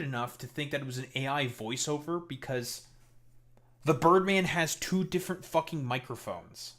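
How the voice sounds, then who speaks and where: A man's voice: medium pitch, big pitch swings, measured pace, fairly bright tone. A man hosting a stream, reacting to a video with profane, exasperated rants. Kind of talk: casual reaction commentary.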